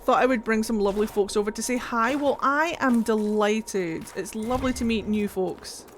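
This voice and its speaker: A woman's voice: fairly high pitch, normal speed, a little hiss or hum. A woman live-streaming a game, chatting casually with viewers and reading game text aloud.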